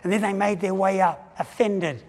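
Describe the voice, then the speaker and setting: Guy preaching, tells the story with lots of restarts, acts out the other voices, pretty high voice, big echoey hall. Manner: animated, acts out quoted voices with pauses and restarts. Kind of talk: sermon storytelling. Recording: long hall reverb.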